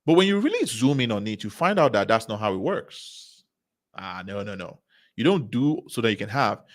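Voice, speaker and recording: A man's voice: lowish voice, very animated, normal speed. A man giving a motivational talk at a business seminar, speaking emphatically, repeating key phrases and asking the audience rhetorical questions.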